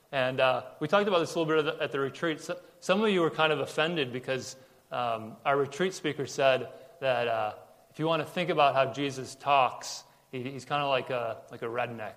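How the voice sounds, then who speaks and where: A man with a fairly high voice preaching in a church hall, where a long reverb trails behind his words. He tells the story casually, slipping into quoted voices and stumbling over repeated words. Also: moderate pace, fairly bright tone. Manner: casual storytelling with acted-out quotes and frequent repetitions. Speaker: pastor. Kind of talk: sermon. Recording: long reverb of a large room.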